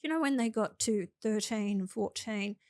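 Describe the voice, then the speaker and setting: This is an older Australian senator guesting on a podcast, her voice mid-range and her pace moderate, recorded without echo. Over the interview she tells stories drawn from experience and offers advice that is earnest and plain-spoken.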